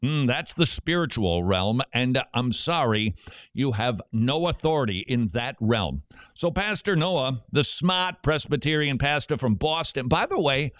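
A man hosting a Christian radio talk show, telling stories in a lively, joking way. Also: mid-range voice, a little slow, dry recording, clean studio sound. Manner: animated, joking storyteller. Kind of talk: conversational radio commentary.

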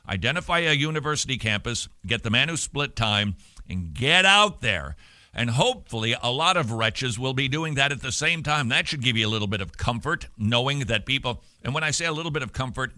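A man hosting a radio talk show, talking with energy and animation and dropping quick joking asides. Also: medium pitch, pushed and bright, dry recording, clean studio sound.

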